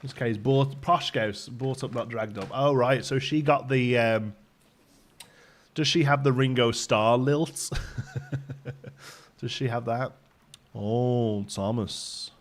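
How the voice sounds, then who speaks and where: A man's voice: mid-range voice, fairly even intonation, slow pace, long pauses. Chatty man live-streaming a game. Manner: chatty, laughs often while talking. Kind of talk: casual live-stream chat. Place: home in Ontario, Canada.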